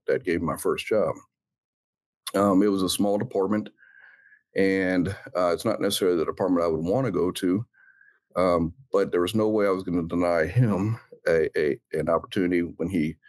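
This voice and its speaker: A man, a former police officer, earnestly recounting his past in an interview, halting and reflective with many fillers. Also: sits low. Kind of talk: personal storytelling in an interview.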